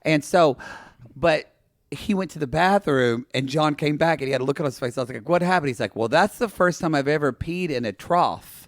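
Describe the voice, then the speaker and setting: A man co-hosting a casual podcast, recapping reality TV with gossipy, animated storytelling. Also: on the high side, brisk, no echo, studio quality. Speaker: podcast co-host.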